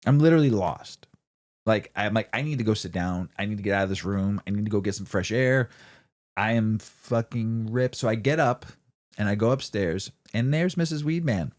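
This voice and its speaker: A man's voice: on the low side, normal speed. A man co-hosting a podcast, telling a rambling story in casual chat, swearing freely and acting out what he said. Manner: rambling, swears often, acts out his own lines. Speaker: podcast co-host.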